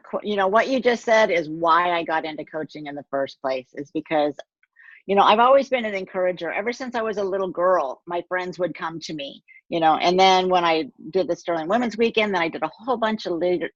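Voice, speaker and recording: A middle-aged woman speaks as a guest coach, her tone earnest and encouraging. Her voice sits a little low and comes across dull and lo-fi, with a dry, close sound and no room around it. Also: a bit bright, dry recording. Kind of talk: casual interview chat.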